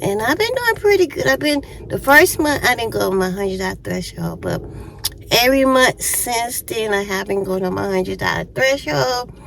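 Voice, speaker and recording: Gravelly-voiced woman in her fifties. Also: a little high, animated, moderate pace, fairly bright tone, a little hiss or hum, rough recording. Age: 50s. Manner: chatty, laughs often while telling the story; eating while talking to viewers. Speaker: YouTuber. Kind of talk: casual storytime vlog.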